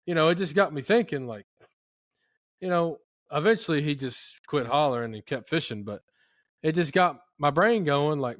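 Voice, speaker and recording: A man hosting a podcast, telling a story in a rambling, folksy, animated way. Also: on the high side, no room sound, studio quality. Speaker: podcast host. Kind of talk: casual storytelling chat.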